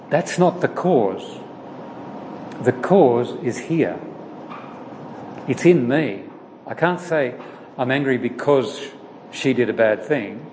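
A man leading a Bible study, praying and then teaching in an informal, halting way with many pauses. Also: medium pitch, darkish tone. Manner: slow, halting, with frequent "uh" pauses. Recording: long reverb with faint background noise.

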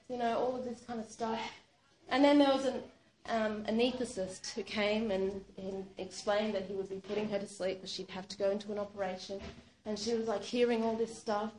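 A woman's voice: on the high side, fairly even intonation, normal speed, darkish tone. A woman telling a true-sounding story aloud in a conversational way, with plenty of "you know" and "sort of.". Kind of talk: spoken storytelling. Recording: roomy echo, faint background noise.

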